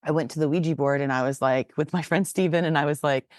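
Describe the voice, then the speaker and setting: A woman in her forties co-hosting a podcast, chatting casually and acting out the quotes in her stories with animated energy. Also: low voice, quick pace, dry recording, studio quality. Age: 40s. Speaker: podcast co-host. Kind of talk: casual storytelling chat.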